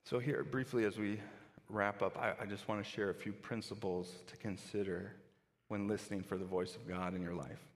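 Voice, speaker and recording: A man's voice: fairly low pitch, level tone, normal speed, in a large hall. A pastor giving a conversational sermon, often restarting his sentences.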